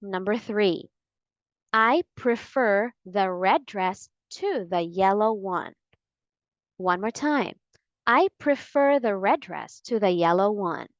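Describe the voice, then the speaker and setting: A woman teaching English pronunciation, speaking patiently and repeating model sentences slowly. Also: mid-range voice, no room sound. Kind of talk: slow, deliberate pronunciation lesson. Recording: dry, slightly dull sound.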